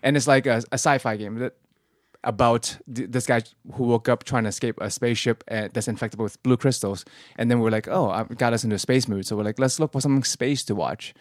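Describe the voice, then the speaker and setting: A man's voice: medium pitch, steady tone, a little fast, no room sound, clean studio sound. A man co-hosting a casual chat, thoughtful and hesitant, often repeating his words. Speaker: podcast co-host.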